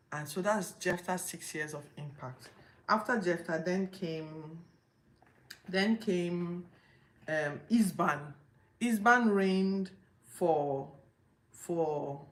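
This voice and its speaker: A woman hosting a Bible podcast, retelling scripture casually with incredulous rhetorical questions. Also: on the low side. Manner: informal retelling with restarts.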